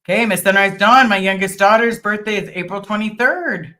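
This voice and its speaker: A woman's voice: medium pitch, fairly quick, pushed and bright. A middle-aged woman hosting a casual livestream, reading viewer comments aloud and answering them in an earnest, thankful way with frequent ums. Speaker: livestream host.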